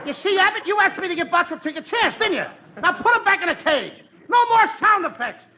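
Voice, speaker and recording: A man in a 1940s radio comedy whines and quips excitably in a very high voice. His pitch jumps all over the place. The old broadcast is dull and thick with hiss. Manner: whiny, excitable, quick-quipping.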